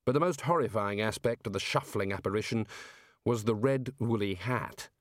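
A man narrating a comic fantasy audiobook in a measured, deadpan way. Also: lowish voice, dry recording, clean studio sound.

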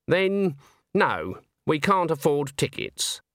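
A man's voice: fairly high pitch, sing-song, slow, a bit bright, dry recording, clean studio sound, voice pushed up, full character voice. A man playing a haughty, curt old witch. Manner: curt, clipped, disdainful. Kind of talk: audiobook character voice.

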